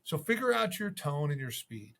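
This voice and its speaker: A man's voice: fairly high pitch, very animated, moderate pace, vocal fry, fairly bright tone, slight background noise. A man coaching real estate agents in a casual, conversational way, acting out sample voicemails. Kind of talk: casual video tips to camera.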